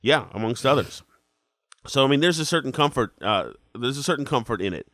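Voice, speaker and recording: A man's voice: mid-range voice, lively intonation, fairly quick, fairly bright tone, no room sound, studio quality. A man with a cold hosting a podcast, asking wry, probing questions in casual chat. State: has a cold. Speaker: podcast host.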